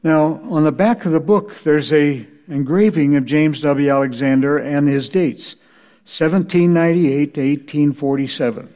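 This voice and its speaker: A man's voice: a little high, moderate pace, a little mellow. A male preacher giving a church history lecture, telling anecdotes with dry humor. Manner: dry, wry storytelling.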